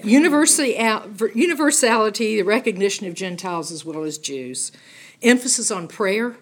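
A middle-aged woman teaching a Bible study in an animated, emphatic, conversational way, often checking in with "okay?". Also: fairly low pitch.

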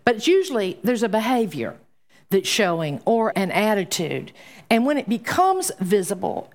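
A middle-aged woman leads a Bible class in a relaxed, conversational way, and she leans hard on key words. Her pitch swings widely, jumping high for emphasis and then dropping low. She sits in the middle of the usual range for a woman. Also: normal speed. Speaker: Bible teacher. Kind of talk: informal Bible teaching.

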